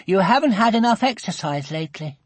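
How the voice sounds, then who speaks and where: A man voicing an earnest, bossy young girl in a storybook read-aloud, in a high, eager voice. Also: lively intonation, brisk, slightly rough, no echo.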